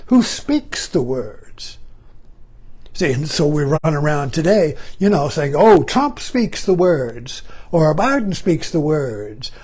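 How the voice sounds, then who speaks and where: An older man gives a reflective spiritual talk in a husky voice, unhurried and deliberate. His pitch sits high for a man and swings widely as he presses each question home with long pauses. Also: a little mellow. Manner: slow, emphatic, with long pauses and repeated questions. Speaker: spiritual teacher.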